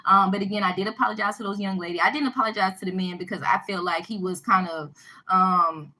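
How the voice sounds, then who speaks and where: A woman telling a personal story to her viewers in a casual vlog, animated and emphatic, often repeating herself. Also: medium pitch, fast talker, low-quality recording. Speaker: vlogger addressing her viewers.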